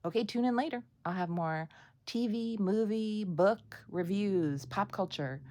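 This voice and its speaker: A woman's voice: mid-range voice, measured pace, mellow. An American woman talking casually to camera as a vlogger reviewing TV, chatty and gushing, with many fillers. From United States.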